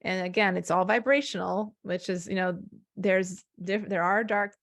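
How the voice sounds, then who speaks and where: A woman guest, a hypnotherapist, telling spiritual stories in a rambling, animated conversational way. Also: medium pitch, normal speed. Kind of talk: casual conversation.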